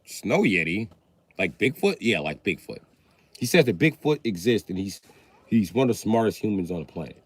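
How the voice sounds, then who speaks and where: Sarcastic livestreaming man, lively pitch. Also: breathy edge. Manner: sarcastic, profane, mock-serious. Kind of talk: casual live-stream chat.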